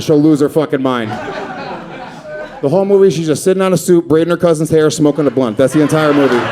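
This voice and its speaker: On stage, a man in his thirties runs through a stand-up comedy set with a fairly high-pitched voice. He's crude and profane, rambling from bit to bit and dropping quick asides along the way.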